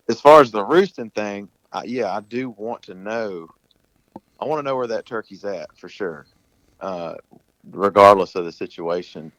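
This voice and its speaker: A man's voice: fairly low pitch, fairly bright tone, dry recording, rough recording. A man talking casually as a podcast guest, explaining at length in a plain-spoken way. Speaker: guest, turkey hunter.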